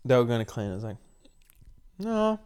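A man's voice: mid-range voice, fairly quick, a little mellow. A young man co-hosting a casual chat, telling a story in a teasing way and laughing often. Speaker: podcast co-host.

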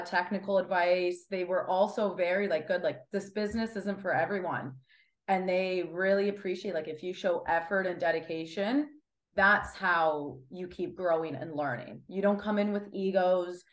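A woman's voice: on the low side, moderate pace. Chatty young woman, roomy sound. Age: 20s. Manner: chatty, animated, acts out quotes. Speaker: guest wrestler. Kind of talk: casual interview chat.

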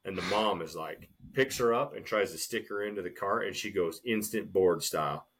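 A man co-hosting a casual podcast, telling a long shopping story in an animated way and often calling his friend "dude.". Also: moderate pace, slightly rough. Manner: animated storyteller, swings loud and high acting out scenes, says "dude" a lot. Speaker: podcast co-host.

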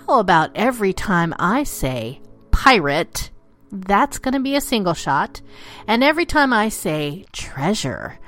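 Woman host, playful and theatrical storyteller, lively pitch, soft music under the voice. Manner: playful, theatrical, slips into pirate talk. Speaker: podcast host. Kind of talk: storytelling narration of dark legends.

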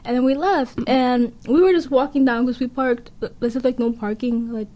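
Young girl with a high voice telling a story, keeps cracking up laughing. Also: steady tone, moderate pace, warm tone. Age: young adult. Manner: giggly, breaks into laughter mid-story. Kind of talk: casual chat.

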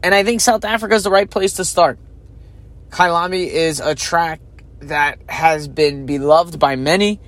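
A man's voice: on the high side, moderate pace, fairly bright tone. A man hosting a podcast, giving casual solo commentary in a chatty, opinionated way and thinking aloud with fillers. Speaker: podcast host.

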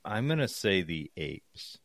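Low-voiced chatty male co-host. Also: very animated, slow pace, creaky, a bit bright, dry recording, studio quality. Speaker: podcast co-host. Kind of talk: casual podcast chat.

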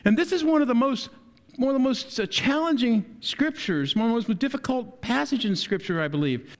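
A man with a high voice preaches a sermon in a casual, conversational way. He pushes up in pitch and volume for emphasis, then drops low and quiet to close each point. His voice trails off into the long reverb of a chapel hall. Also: animated, brisk.

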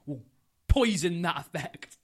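A man's voice: on the high side, lively intonation, unhurried. A young man, co-hosting a podcast, rambling and giggling as he makes up a silly story. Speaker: podcast co-host. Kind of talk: casual podcast chat, improvised storytelling.

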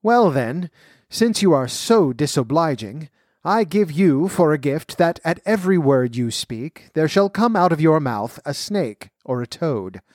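A man voicing a calm, stately fairy who speaks without anger. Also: a little high, unhurried, dry recording, studio quality. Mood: solemn.

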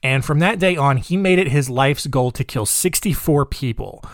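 A man's voice: mid-range voice, moderate pace, no room sound, clean studio sound. Joking, rambling man telling a crime story. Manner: joking, rambling, with personal asides. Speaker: podcast host. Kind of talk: casual true-crime storytelling.

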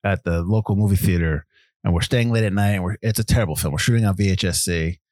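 In a low voice and at a fast clip, a podcast host chats casually about film, telling stories animatedly, rambling and restarting many times. The recording is dry and studio-clean.

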